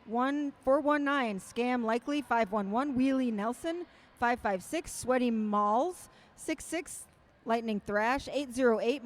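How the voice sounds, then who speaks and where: A woman announcing a roller derby bout live, making brisk, matter-of-fact calls with dry quips. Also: on the high side. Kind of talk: live sports commentary.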